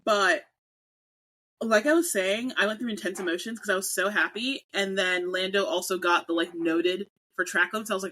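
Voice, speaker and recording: A woman's voice: mid-range voice, steady tone, moderate pace, pushed and bright, poor audio. A young adult woman co-hosting a casual podcast chat, ranting animatedly with mock outrage. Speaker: podcast co-host.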